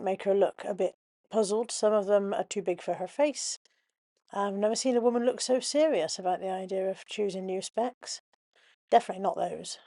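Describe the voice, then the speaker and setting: A woman's voice: mid-range voice, dark tone, poor audio. A woman vlogging casually to her camera, with wry, self-deprecating storytelling. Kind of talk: casual chatty vlog.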